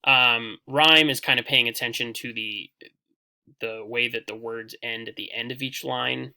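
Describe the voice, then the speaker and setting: A young man teaches a poetry lesson over slides, his very bright voice carrying a gravelly rasp. He explains loosely, circling back with fillers and restarts as he goes. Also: mid-range voice, steady tone, unhurried.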